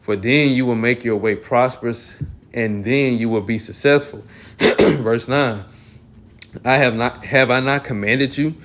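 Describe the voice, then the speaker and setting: Man reading scripture with throat-clearing. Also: medium pitch, measured pace, a bit bright. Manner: clears throat often, restarts phrases. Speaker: Bible teacher.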